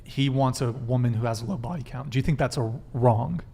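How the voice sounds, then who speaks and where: A man's voice: medium pitch, a little fast, warm tone. Man hosting a live dating panel. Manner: reads viewer messages aloud and questions guests. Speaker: host.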